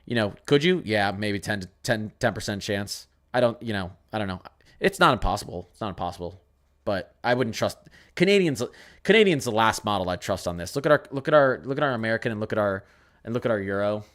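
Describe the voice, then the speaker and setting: On a relaxed weather channel stream, the young male host talks at an ordinary pace in a fairly low voice. He fields viewers' questions and wanders through model charts, frequently saying things twice.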